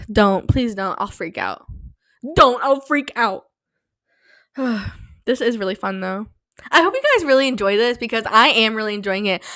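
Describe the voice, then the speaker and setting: A young woman hosting her own casual podcast, hyper and rambling, sleep-deprived and slap-happy, with a slightly sore throat from yelling. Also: medium pitch, animated, moderate pace, no room sound. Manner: hyper, rambling, self-mocking. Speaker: podcast host. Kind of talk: casual solo podcast chat. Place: small home studio. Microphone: studio mic, close.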